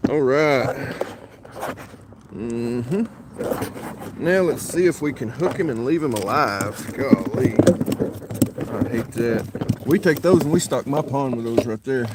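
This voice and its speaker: A man's voice: mid-range voice, expressive, slow pace, long pauses, noisy background. A man live-streaming from a creek, chatting casually and muttering to himself between greetings to viewers. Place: outdoors at a creek.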